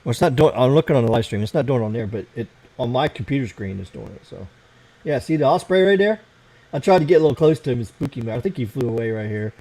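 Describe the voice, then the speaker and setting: A man's voice: medium pitch, animated, quick pace, mellow, low-quality recording. An American man hosting a casual late-night livestream, rambling and swearing as he fiddles with his computer. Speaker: livestream host.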